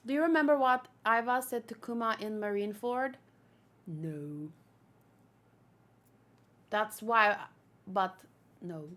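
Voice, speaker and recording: A woman's voice: medium pitch, slow, pauses often, fairly bright tone. A woman streamer reading a manga aloud, with rambling, chatty commentary and casual swearing.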